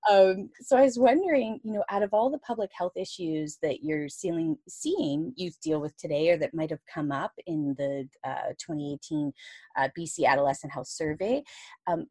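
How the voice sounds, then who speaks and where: Woman interviewer, animated and playful, slightly low voice, dry close recording. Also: normal speed, slightly rough, no echo. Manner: lively, animated, jokey asides. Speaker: podcast host. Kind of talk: conversational interview.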